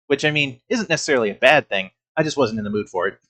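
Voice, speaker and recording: A man's voice: mid-range voice, lively intonation, fast, fairly bright tone. A man giving casual reaction commentary as a streamer host, laughing often, swearing, and restarting his sentences.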